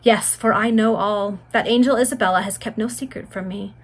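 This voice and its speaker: A woman's voice: mid-range voice, fairly even intonation, brisk, husky. A woman voicing a tender, prophetic dying young woman in a read-aloud gothic story, with an earnest, fervent delivery.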